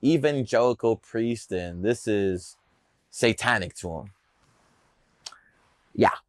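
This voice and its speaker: Man, low-pitched, boastful, swears a lot, casual interview, dry recording. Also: slow pace, no room sound. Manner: brash, profane, boastful. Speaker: podcast guest telling his story.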